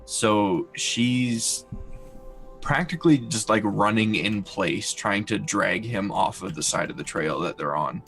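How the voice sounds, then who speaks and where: A man playing a tabletop game, calmly describing what his character does. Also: lowish voice, measured pace, faint music behind. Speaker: player. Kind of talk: casual chat at a game table.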